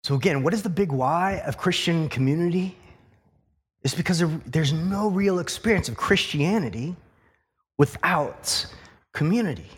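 A male pastor delivers a sermon in an earnest teaching tone, with a voice on the higher side for a man. He works through his points with pauses and restarts. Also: expressive, breathy edge.

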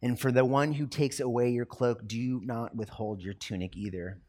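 A man preaching a sermon as a pastor, talking conversationally and acting out everyday quotes. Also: medium pitch.

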